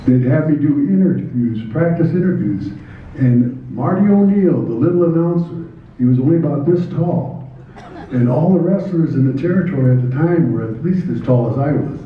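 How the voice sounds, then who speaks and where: An older man from Nebraska speaks at a podium, slowly and haltingly, with wry self-deprecating humor. His voice sits a little high for a man. The sound is dull and comes from a distance in a big echoing hall with faint noise behind. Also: expressive. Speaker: award recipient giving a speech. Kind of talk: hall of fame acceptance speech.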